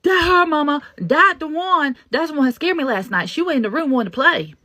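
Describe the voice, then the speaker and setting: A woman's voice: high voice, expressive, fairly quick, pushed and bright, dry recording, voice pushed up. A woman voicing her frightened young son, who has a speech impediment and talks in broken, childlike phrases. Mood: insistent. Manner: childlike broken grammar, pleading.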